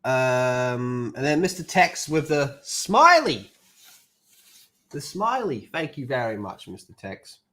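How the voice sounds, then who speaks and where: A man's voice: mid-range voice, very animated, slow pace, bright, forceful tone. A young man streaming, chatting and ranting in a casual, profane way.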